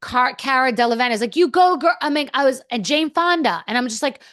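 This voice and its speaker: A woman's voice: sits high, quick pace, a bit bright, no echo, clean studio sound. A woman guest on a podcast, telling a candid story in a blunt, profane, rambling way.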